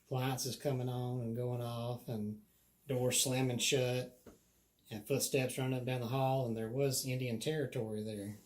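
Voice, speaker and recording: A man's voice: medium pitch, little pitch movement, moderate pace. A man relaxes into a long, rambling ghost story. His speech is chatty and easygoing. He laughs often and slips into little voices for the people in his tale. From Alabama. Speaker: guest telling ghost stories. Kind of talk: casual storytelling.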